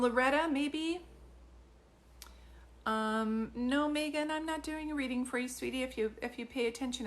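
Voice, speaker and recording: A woman doing live psychic readings for viewers, chatty and informal, filling pauses with ums and calling people sweetie. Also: fairly high pitch, a bit bright. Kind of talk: livestream chat with viewers.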